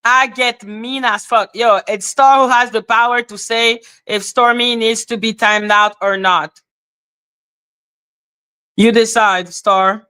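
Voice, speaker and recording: A woman's voice: medium pitch, bright, forceful tone, smooth. A woman hosting a livestream, talking bluntly and profanely in a heated rant to her chat. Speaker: livestream host.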